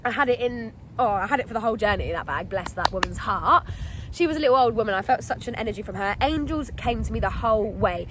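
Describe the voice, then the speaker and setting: A young woman telling a storytime vlog to her phone camera outdoors, animated and acting out her own panic. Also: fairly high pitch, fast talker, noisy background. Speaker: vlogger. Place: outdoors in wet weather.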